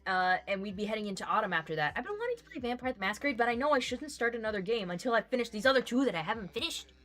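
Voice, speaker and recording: A woman's voice: on the high side, big pitch swings, very fast, a bit bright, faint music behind. A young adult woman streamer chatting casually, teasing her guests and reading viewer comments aloud. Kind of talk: casual chat on a crochet and gaming stream.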